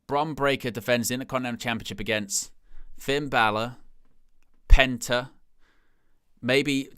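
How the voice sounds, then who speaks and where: A man's voice: mid-range voice, a bit bright, smooth, dry recording, clean studio sound. A man hosting a live stream, giving casual watch-along commentary and thinking aloud as he talks.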